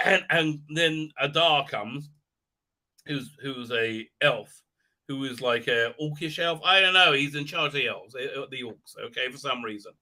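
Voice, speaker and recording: Bright-voiced man in a mocking, rambling recap. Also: medium pitch, measured pace. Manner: many filler "uh, uh" hesitations; mocking, sneering asides. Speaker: live-stream host.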